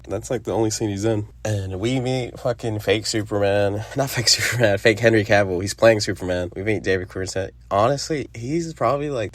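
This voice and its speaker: A man's voice: fairly low pitch, dry recording. A young man casually reviewing a film for a podcast, rambling and swearing, with frequent laughs. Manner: rambling, profane, laughs often. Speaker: podcast host.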